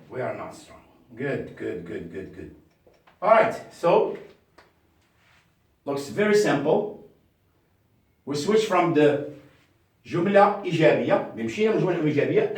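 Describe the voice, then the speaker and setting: Man, English teacher, lively rising pitch, repeats examples slowly, very echoey room, distant mic. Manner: slow repetitive drilling of example sentences. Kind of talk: beginner language lesson.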